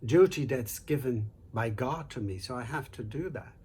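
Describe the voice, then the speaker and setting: A man's voice: medium pitch, normal speed, darkish tone, slight background noise, natural voice. A man voicing a patient, dutiful goddess who is also a mother, in a told folk tale. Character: female fate goddess, calm and dutiful mother.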